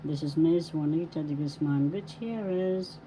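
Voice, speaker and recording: A woman language teacher giving a slow pronunciation lesson, breaking each word into syllables and repeating it. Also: sits low, noisy background. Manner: deliberate, spells words out syllable by syllable and repeats them.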